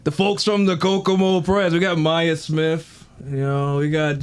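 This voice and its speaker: A man with a slightly high voice rattles off wrestling-promo trash talk in a podcast studio. He clowns around and laughs between lines. It's loose comedy banter. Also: flat delivery, a little slow, clean tone. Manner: loud trash-talking wrestling promo delivery with laughing asides. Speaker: guest comedian.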